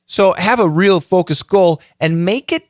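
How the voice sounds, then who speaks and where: A man's voice: sits high, unhurried, dry recording, studio quality. A middle-aged man hosting a podcast, giving a casual, chatty tutorial full of self-mocking jokes and frequent fillers. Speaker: podcast host.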